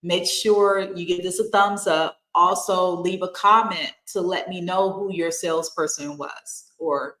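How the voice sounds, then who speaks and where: A woman with a fairly low voice hosts a live stream, giving direct instructions to viewers. Her voice carries a noticeable room echo. She speaks plainly and keeps the show moving. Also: steady tone, unhurried, few pauses, a bit bright.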